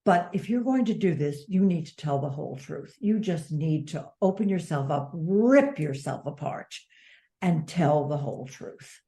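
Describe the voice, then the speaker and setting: An older woman author speaking in an interview, earnest and measured. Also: low voice, lively intonation, creaky, mellow. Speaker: author and advocate. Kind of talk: interview conversation.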